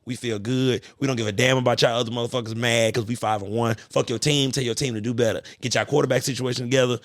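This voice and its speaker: A man hosting a podcast, ranting in a casual, profane, animated monologue. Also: medium pitch, quick pace, no room sound, clean studio sound. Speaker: podcast host.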